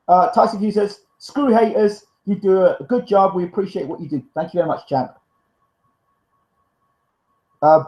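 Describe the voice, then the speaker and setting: A man's voice: high-pitched, roomy sound, poor audio. A man hosting a live stream, reading out viewer comments and arguing back in a fiery, defensive, emphatic way. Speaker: live show host.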